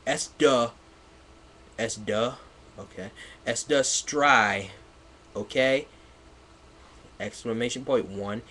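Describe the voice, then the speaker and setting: A man's voice: mid-range voice, takes it slowly, long pauses, sharp tone. A man giving a mocking live read-aloud of a piece of fan fiction, laughing, swearing and stumbling over its misspellings. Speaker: livestreamer.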